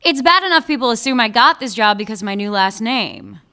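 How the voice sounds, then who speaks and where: A woman's voice: a little high, very animated, fairly quick, bright, forceful tone, clear, resonant tone. An actress playing a proud female police chief with a sarcastic, cutting manner, in an audio drama. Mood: wary.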